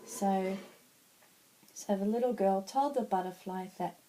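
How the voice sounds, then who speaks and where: A woman tells a children's story she is making up as she goes, pausing and restarting her sentences. Her voice is mellow and soft at a middle pitch. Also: poor audio. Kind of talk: improvised children's story narration.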